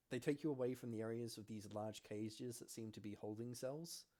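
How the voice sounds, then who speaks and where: A man running a tabletop game as game master, narrating in a measured way and often breaking into laughter. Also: fairly low pitch, a little mellow.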